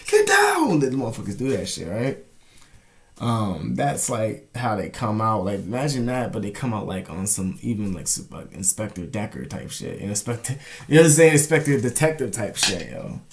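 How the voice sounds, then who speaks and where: A man's voice: medium pitch, a little mellow, slight background noise. A young man telling a rambling, profane story in a casual vlog, often asking "you know what I'm saying". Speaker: vlogger.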